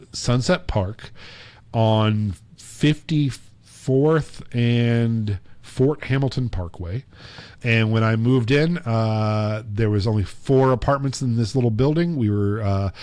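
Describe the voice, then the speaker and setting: A man with a fairly low voice tells a long, meandering story on a podcast, full of fillers and acted-out snippets of dialogue. The sound is dry and close, with no room around it. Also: no room sound. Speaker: podcast co-host. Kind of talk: casual storytelling chat.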